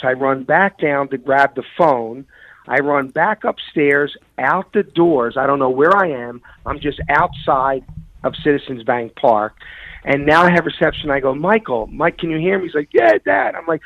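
A middle-aged man speaks as a radio show guest, his voice dry and close but muffled by the broadcast. He tells his story haltingly, repeating phrases, choked with grief. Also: a little high, dry recording.

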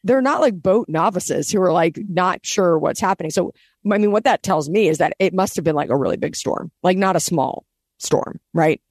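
A woman co-hosting a casual Bible-study podcast, talking animatedly and acting out scenes in lively quoted voices. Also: on the low side, moderate pace, no echo, clean studio sound. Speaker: podcast co-host.

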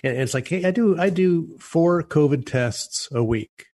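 Husky-voiced opinionated radio host. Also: male voice, a little high, expressive, moderate pace, a little mellow. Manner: blunt, opinionated, jokey. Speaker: radio talk show host. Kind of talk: radio talk show chat.

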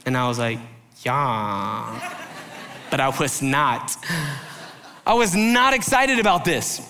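A man's voice: a little high, big pitch swings, a little slow, sharp tone, long reverb tail, a little hiss or hum. A male pastor preaching a candid sermon, telling a personal story in loose, filler-heavy talk and acting out quotes.

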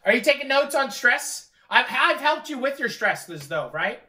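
A woman's voice: sits high, big pitch swings, moderate pace, bright, forceful tone. A woman co-hosting a podcast, trading teasing jokes in casual chat. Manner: teasing, joking banter. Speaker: podcast co-host. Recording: roomy echo.

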